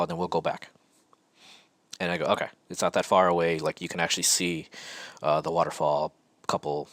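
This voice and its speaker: A man's voice: deep voice, a bit bright, no echo. A middle-aged man hosting a podcast, telling a personal story in a reflective, hesitant way with many fillers and restarts. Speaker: podcast host. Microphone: podcast mic.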